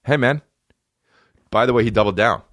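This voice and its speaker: A man's voice: mid-range voice, moderate pace, a bit bright, no room sound, studio quality. A man in his thirties hosting a comedy podcast, riffing profanely and slipping into mocking voices. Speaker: podcast host.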